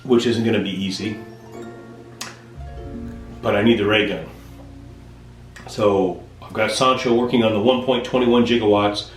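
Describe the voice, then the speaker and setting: A man's voice: fairly low pitch, steady tone, moderate pace, long pauses, echoey room. A man rambling through a playful, self-correcting comic vlog monologue. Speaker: vlogger and storyteller. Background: music.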